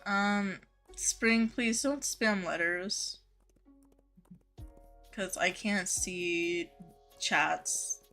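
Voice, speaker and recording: A female game streamer, speaking extremely slowly and pausing often, reads viewer messages in a relaxed, chatty way peppered with "like," "um" and easy laughter. Her mid-range voice has a fairly bright tone, and faint music plays behind her.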